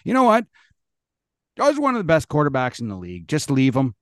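A man's voice: on the high side, wildly swooping pitch, brisk, dry recording, clean studio sound. A man co-hosting a sports podcast, ranting bluntly and emphatically with plenty of swearing. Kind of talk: casual sports talk.

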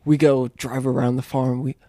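A man's voice: mid-range voice, level tone, normal speed, dark tone, dry recording, clean studio sound. A man telling a rambling story in casual chat, swearing, laughing and acting out what people said. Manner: swearing, laughing, acts out quotes.

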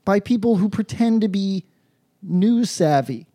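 In this crude comedy podcast, a male co-host with a high-pitched, expressive voice keeps a measured pace. Profanity flows nonstop as he riffs in rambling rants and breaks into shouted mock patois.

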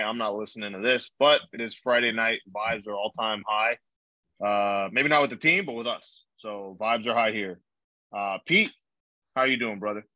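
A man's voice: on the low side, bright, forceful tone, no echo, poor audio. A young man hosting a casual podcast, telling rambling stories with lots of fillers and swearing. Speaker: podcast host. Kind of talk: casual chat.

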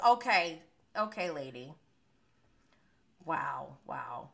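A woman's voice: medium pitch, lively intonation, unhurried, pushed and bright. A young woman live-streaming a reality show recap in a casual, blunt manner, swearing freely.

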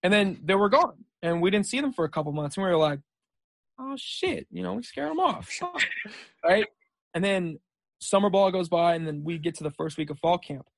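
A man's voice: on the high side, no room sound. A young man, a junior college football player, chatting casually as a podcast guest and telling rambling stories full of "dude" and "like". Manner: laid-back, rambling storyteller saying "dude" and "like". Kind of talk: casual chat.

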